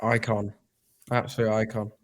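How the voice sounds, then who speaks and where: A man's voice: lowish voice, monotone, normal speed. A man co-hosting a live stream, casually chatting about a race and greeting viewers. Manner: easygoing, chats with viewers. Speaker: stream co-host. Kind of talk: casual live race watch-along chat.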